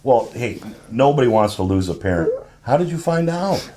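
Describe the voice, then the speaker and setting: A man's voice: mid-range voice, very animated, normal speed, mellow, lightly acted. An actor playing a folksy, exasperated middle-aged country man in a comic radio soap. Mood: concerned.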